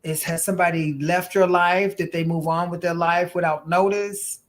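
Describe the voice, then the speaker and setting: A woman's voice: on the low side, steady tone, moderate pace. Chatty woman giving live psychic readings. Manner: chatty, calls viewers honey and girl, laughs often. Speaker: intuitive reader hosting a live stream. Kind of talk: casual live-stream chat and psychic reading. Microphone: phone.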